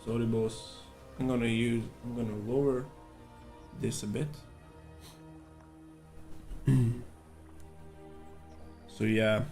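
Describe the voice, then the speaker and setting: Streamer: man, tired voice, slow rambling musings while drawing, faint music behind. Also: medium pitch, level tone, a little mellow. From Serbia. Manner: rambling, thinking aloud with fillers. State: worn-out voice. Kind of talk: casual chat while sketching.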